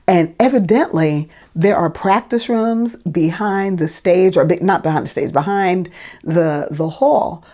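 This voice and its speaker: A woman's voice: on the low side, measured pace, warm tone. A woman singer casually telling a story about an audition, chatty with lots of fillers and restarts.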